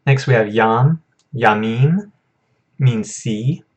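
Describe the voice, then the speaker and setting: A young man talks through a vocabulary lesson in a relaxed, easygoing way, correcting himself and chuckling at his own memory aids. His voice sits low, and he speaks slowly, lingering over each word. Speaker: Hebrew teacher.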